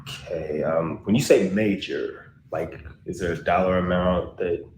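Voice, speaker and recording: A man's voice: deep voice, unhurried, darkish tone, slight background noise. A man acting as an evasive client in a skit, hesitating with many ums while talking to his divorce lawyer. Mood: hesitant. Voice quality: hesitant, full of ums and uhs. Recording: roomy echo.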